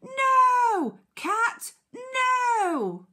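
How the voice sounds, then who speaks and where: A woman doing a shrill shouting storybook duck. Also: sing-song, extremely slow, exaggerated voice. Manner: shrill exclaiming cries.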